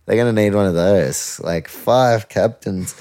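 A young man hosts a casual sports podcast, ranting in loose, incredulous bursts and swearing freely. His voice sits deep, with a dark, mellow tone. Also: a little slow. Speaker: podcast host.

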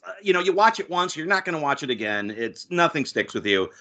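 A man's voice: a little high, fast. A man chatting casually as a podcast host, recapping a TV episode and acting out lines from it. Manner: animated, acts out quoted lines.

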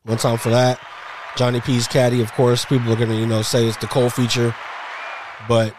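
A man's voice: mid-range voice, monotone, brisk, noisy background. A middle-aged man co-hosting a podcast, chatting casually and profanely in long rambling stretches. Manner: profane, rambling, acts out voices. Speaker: podcast co-host.

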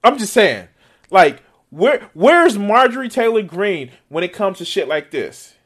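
A man giving casual, profane reaction commentary on a video, excitable and laughing often. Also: high-pitched, unhurried.

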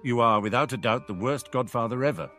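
A man's voice: medium pitch, big pitch swings, normal speed, soft background music, voice pushed up, lightly acted. A man voicing a sarcastic, cheeky teenage boy wizard in a storybook reading, teasing and mock-dramatic. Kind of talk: audiobook character reading.

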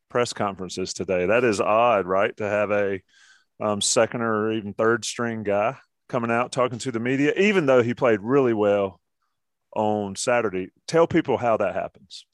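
A man with a low voice hosts a relaxed sports podcast. He jokes with his co-hosts and pushes the talk on to the next subject. His voice sits close and dry on the mic. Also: normal speed, dry recording. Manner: joking, steering the conversation. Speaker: podcast host. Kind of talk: casual sports chat.

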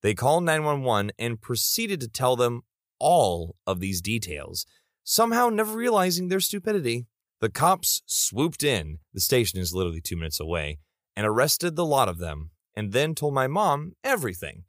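A man's voice: mid-range voice, sing-song, moderate pace, fairly bright tone, no echo, clean studio sound. A man narrating reader stories in a comedic style, with playful asides.

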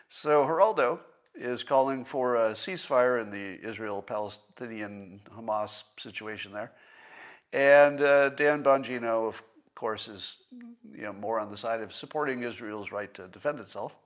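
A man hosting a livestream in a casual commentary style, thinking aloud and slowing down to stress his points. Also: medium pitch. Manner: conversational, thinks aloud with restarts and small laughs. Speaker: livestream host.

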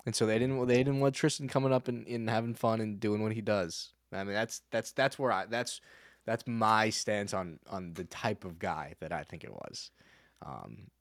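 A man's voice: fairly low pitch, moderate pace, no echo, clean studio sound. A man hosting a podcast, chatting casually about baseball in a rambling way with many restarts. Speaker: podcast host. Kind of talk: casual sports chat.

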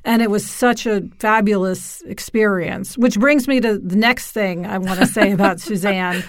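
A woman's voice: medium pitch, normal speed, no room sound, clean studio sound. A woman co-hosting a podcast, telling stories in a chatty way with frequent ums and likes. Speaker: podcast co-host. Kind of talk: casual podcast chat.

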